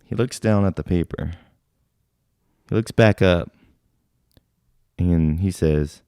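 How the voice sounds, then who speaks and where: Low, mellow-voiced man telling army stories. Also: slow, long pauses, clean tone, dry recording, studio quality. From Sacramento. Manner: animated storyteller, swears often, acts out shouted drill exchanges. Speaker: podcast co-host, army veteran. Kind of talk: casual storytelling chat.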